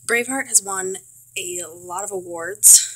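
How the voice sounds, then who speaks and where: Chatty young woman with a bright edge. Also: medium pitch, a little slow, breathy edge, dry recording, poor audio. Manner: chatty, filler-heavy, trailing restarts; wry, self-mocking asides. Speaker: student vlogger. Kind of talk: casual film review vlog.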